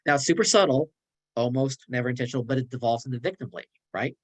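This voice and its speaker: A man's voice: mid-range voice, husky, poor audio. Sarcastic man giving a clinical training. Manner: sarcastic, role-playing colleagues in quick dialogue. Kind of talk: online training presentation.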